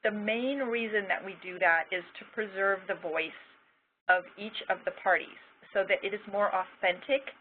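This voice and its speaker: A woman's voice: medium pitch, moderate pace. A woman giving an encouraging, casual training lecture to interpreters. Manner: warm-hearted, encouraging, casual with fillers. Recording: tinny phone-like line with faint noise.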